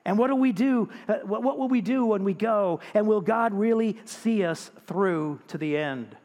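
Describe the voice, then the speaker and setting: A man's voice: high-pitched, normal speed, a little mellow. A male pastor preaching a sermon in a conversational way, often turning to the congregation with rhetorical questions. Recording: long reverb of a large hall.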